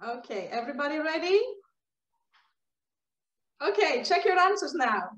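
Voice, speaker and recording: High, bright Greek co-teacher woman, roomy sound. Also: big pitch swings, unhurried. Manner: brief supportive replies. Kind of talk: online language lesson.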